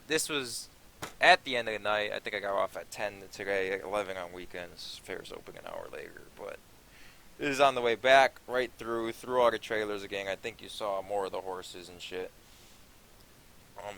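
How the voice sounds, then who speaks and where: A man's voice: on the low side, creaky, fairly bright tone, a little hiss or hum. A young man narrating his own vlog in a rambling, offhand way, swearing freely. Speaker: vlogger.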